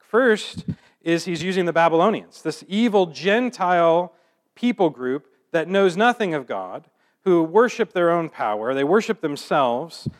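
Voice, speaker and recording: Man, preacher, sermon, slightly high voice, reads scripture then explains casually. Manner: reads scripture slowly, then explains in relaxed conversational asides.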